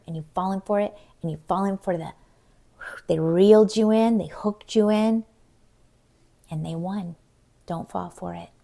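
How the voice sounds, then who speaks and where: A middle-aged woman talks casually to her viewers in a chatty, rambling way. She slips into little acted voices when she quotes texts. Her pitch sits in the middle range. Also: darkish tone. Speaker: vlogger. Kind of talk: casual chat.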